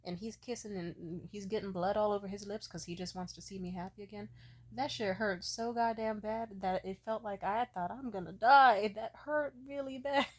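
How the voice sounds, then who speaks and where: A young woman vlogger telling a casual, profane story with animated energy. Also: medium pitch, normal speed.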